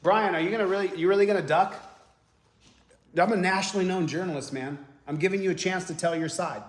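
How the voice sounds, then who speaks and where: A high-voiced, fast-talking man films himself as an independent journalist in a public parking lot. Combative and taunting, he confronts police and hurls insults at them in this street confrontation.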